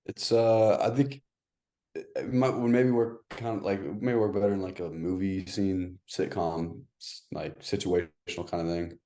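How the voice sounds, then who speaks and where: A young man with a very low, mellow voice gives slow, uncertain feedback. He hedges and trails off in a laid-back, chatty way. It sounds like a casual talk between friends. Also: flat delivery. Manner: hesitant, hedging, trails off. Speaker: co-host giving feedback. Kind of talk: casual comedic critique.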